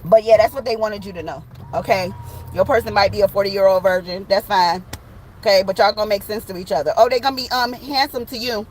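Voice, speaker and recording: A woman's voice: mid-range voice, fast, slight background noise, poor audio. A woman giving a casual online tarot reading from a truck, slangy and profane, joking and acting out little scenes. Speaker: tarot reader. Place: in a parked truck with the window open.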